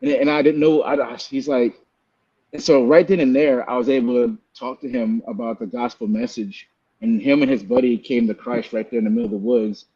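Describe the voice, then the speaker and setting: A man telling a personal story in a loose, conversational way. He speaks at a middle pitch, jumps up in pitch when he acts out voices, and often restarts his sentences. The sound is a little dull and muffled. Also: brisk, breathy edge. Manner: animated, acts out quoted voices, many fillers and restarts. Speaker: podcast guest telling his testimony. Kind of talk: casual storytelling testimony.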